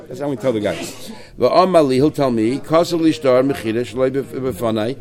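A man teaching a Talmud class, quickly reading the text and explaining it in English, acting out the parties in the case. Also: medium pitch, a little mellow. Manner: rapid, mixing Hebrew-Aramaic terms with English, quotes lines.

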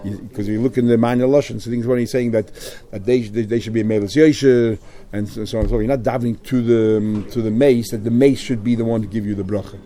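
A man leads a Talmud class at a brisk clip. He reads each phrase in the original, then talks it through in English. His voice has a dark, mellow tone. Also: mid-range voice, steady tone. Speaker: Talmud teacher. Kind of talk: Talmud class, reading Aramaic and translating.

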